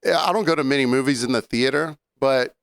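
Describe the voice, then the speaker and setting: A man co-hosting a podcast in casual chat, talking in a relaxed, laid-back way. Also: medium pitch, a little fast, vocal fry, clean tone, no room sound, studio quality. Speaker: podcast co-host, musician.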